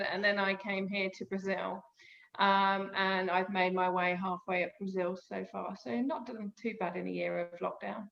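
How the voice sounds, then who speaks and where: A British woman guest telling stories in a casual chat, lively and laughing often. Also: mid-range voice, moderate pace, creaky, echoey room, muffled recording. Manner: lively storytelling, laughs a lot. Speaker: guest author.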